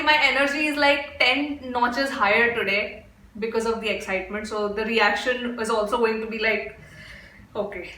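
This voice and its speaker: Gushing, excitable young woman from India. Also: on the high side, normal speed, roomy sound. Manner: gushing, excitable, repeats herself, bursts into squeals. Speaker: K-pop reaction video host. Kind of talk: excited reaction video chat.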